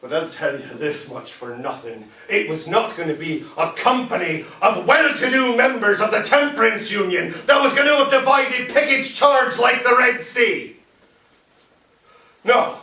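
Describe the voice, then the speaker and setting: A bitter, tipsy immigrant captain, played by a man, rambles sardonically over his drink in a solo stage monologue. His voice sits high and carries a lilt. It echoes in a roomy space, caught from some distance off the mic. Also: measured pace, pushed and bright, exaggerated voice. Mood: sardonic. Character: bitter Irish immigrant Civil War captain, drinking alone. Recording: roomy echo from far off.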